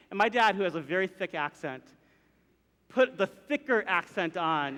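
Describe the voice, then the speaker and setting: A man with a high, bright voice tells a story live before an audience. He is animated and acts out the voices and sounds in it. His voice carries a long reverb from a large hall. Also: moderate pace, a little hiss or hum. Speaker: minister telling a personal story.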